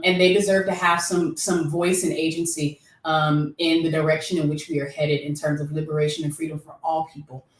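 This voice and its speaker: A woman musician and youth educator introducing her songs at a concert, speaking in an earnest, reflective way. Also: on the low side. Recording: roomy sound from a distant mic with faint guitar.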